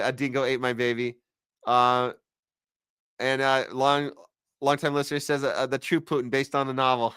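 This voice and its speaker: A man's voice: medium pitch, bright, forceful tone, dry recording, studio quality. A man hosting a podcast livestream, chatting casually and reading out viewer comments with plenty of ums and jokey asides. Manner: rambling, lots of fillers, jokey asides. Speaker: podcast host.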